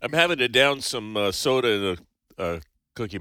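A man's voice: medium pitch, lively intonation, normal speed, pushed and bright, smooth, no room sound. A man chatting on a radio talk show in a studio, matter-of-fact and droll. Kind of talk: casual studio chat.

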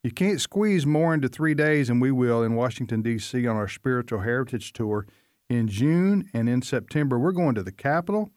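A man's voice: medium pitch, lively intonation, normal speed, darkish tone, no room sound, studio quality. A man hosting a radio talk show and reading promos in an upbeat, announcer-like way. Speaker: radio host.

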